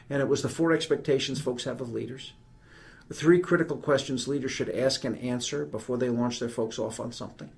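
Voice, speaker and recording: A brisk, quick-spoken man in his fifties with a New York accent, talking as a guest on a podcast. He tells stories in an animated, emphatic way, with a voice of middling pitch. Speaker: guest, retired army general. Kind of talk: conversational podcast interview.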